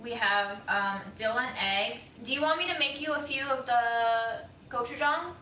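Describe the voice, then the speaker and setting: A woman's voice: a little high, a little slow, sharp tone, recorded from a distance. A woman hosting a home cooking livestream, chatting casually and teasing her co-host. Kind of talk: casual chat. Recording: echoey room, off-mic, faint noise.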